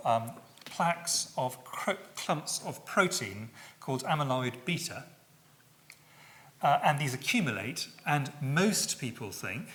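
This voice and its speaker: Speaking with a medium-pitched, slightly bright voice, a middle-aged man gives a public lecture. He's measured in delivery but often uses fillers and corrects himself.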